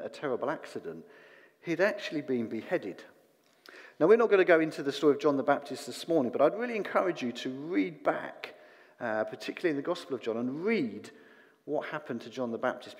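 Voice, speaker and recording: Guy preaching, chatty and self-deprecating, big church echo. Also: medium pitch. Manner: conversational, self-deprecating, with fillers. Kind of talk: sermon. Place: church hall. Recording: long church reverb.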